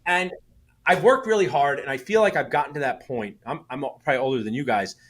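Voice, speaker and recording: A man's voice: medium pitch, brisk. A man, a guest on a podcast, talking casually and emphatically, telling stories and acting out quoted remarks. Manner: animated, emphatic, tells stories with voiced asides. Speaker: podcast guest, founder of an online dentist community. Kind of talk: casual interview talk.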